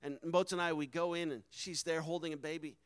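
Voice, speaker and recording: A man's voice: fairly high pitch, steady tone, quick pace, clean tone, no echo, poor audio. A man, a missionary, telling a personal testimony with earnest emotion and acting out the quoted dialogue. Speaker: missionary speaker.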